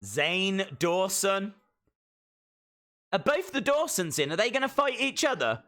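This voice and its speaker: A man giving excitable, jokey live commentary while watching a show along with viewers. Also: high voice, measured pace. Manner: excitable, jokey, talks to himself. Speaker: live stream reactor.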